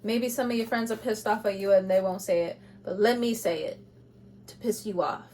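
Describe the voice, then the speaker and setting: A woman giving an intuitive tarot reading to camera, speaking bluntly and with passion, moving between loud urging and quiet asides, with laughs between points. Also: medium pitch, normal speed, a little hiss or hum. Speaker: tarot reader.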